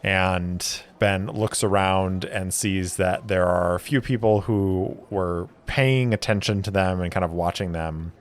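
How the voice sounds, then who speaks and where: Slow-talking man narrating a solo tabletop game. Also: low-pitched. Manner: relaxed, thinking aloud. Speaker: game master.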